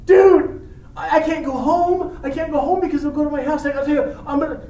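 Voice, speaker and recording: A man voicing a hot-headed teenage boy, loud and frantic, talking in an everyday way. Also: extremely high pitch, fairly even intonation, fairly quick, a little hiss or hum, pitched above the performer's own voice. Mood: urgent. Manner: pleading, yelling, frantic. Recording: echoey room, mic at a distance.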